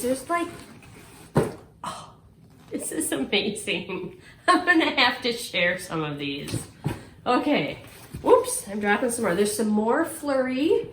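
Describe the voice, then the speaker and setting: A middle-aged woman in casual, excited chat, gushing and exclaiming to her viewers as she unboxes a prize at home. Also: on the high side, takes it slowly. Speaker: quilting vlogger unboxing a prize. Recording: echoey room, faint noise.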